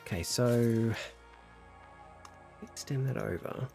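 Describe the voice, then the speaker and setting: A man's voice: mid-range voice, slow pace, vocal fry, faint music behind. A young man chatting casually while streaming a game, telling stories and reading chat aloud. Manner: chatty, animated storyteller, reads chat aloud.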